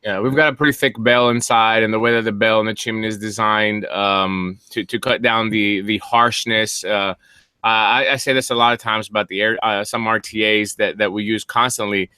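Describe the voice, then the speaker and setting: A man's voice: lowish voice, steady tone, moderate pace, bright, forceful tone, smooth, dry recording. A man co-hosting a casual podcast, explaining hardware in detail with some teasing banter. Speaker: co-host.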